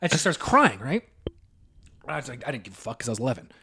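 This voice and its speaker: A man's voice: medium pitch, big pitch swings, quick pace, bright, forceful tone, husky. A man co-hosting a podcast, telling stories in casual chat, swearing freely and laughing as he goes. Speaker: podcast co-host.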